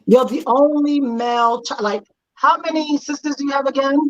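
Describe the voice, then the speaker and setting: A woman's voice: high voice, moderate pace, dull audio. A middle-aged woman who hosts a chat show and tells a personal story with animation, acting out quoted lines. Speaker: host.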